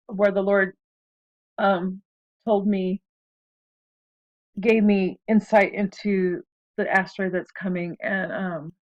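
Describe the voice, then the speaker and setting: Woman reading prophecy words slow and earnest, mid pitch, kinda muffled lo-fi. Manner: slow, earnest, pleading delivery. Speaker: prophecy channel host. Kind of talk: reading prophetic messages aloud. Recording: dry, dull lo-fi sound.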